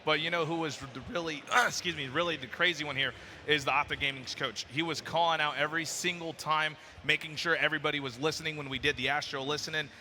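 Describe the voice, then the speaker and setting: A man with a very bright, cutting voice recaps the match play by play. A long hall reverb trails behind him, and a little noise sits under his voice. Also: on the high side, steady tone, fast. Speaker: esports analyst. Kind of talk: analysis desk chat.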